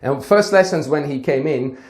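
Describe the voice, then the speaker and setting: Swim coach guy telling a story, acts out the chats, bit high voice, roomy echo. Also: moderate pace, a little mellow. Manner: storytelling, re-enacts conversations. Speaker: swimming teacher. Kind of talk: casual advice talk with a personal story.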